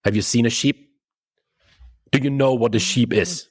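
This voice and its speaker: A man voicing a massive, gruff female orc warrior who makes blunt demands. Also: mid-range voice, normal speed, close to an everyday voice. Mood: demanding.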